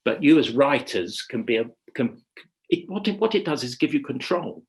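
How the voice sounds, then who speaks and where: A man leading a webinar workshop on writing radio drama. He talks in a measured, reflective way and often pauses to rephrase. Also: mid-range voice, sing-song. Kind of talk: webinar lecture. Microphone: video call.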